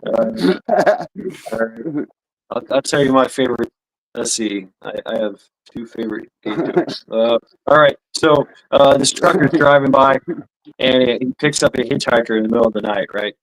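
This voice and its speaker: A man's voice: medium pitch, normal speed, poor audio. A man hosting a live stream, telling crude jokes in a loose, profane way and laughing at his own punchlines. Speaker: streamer host.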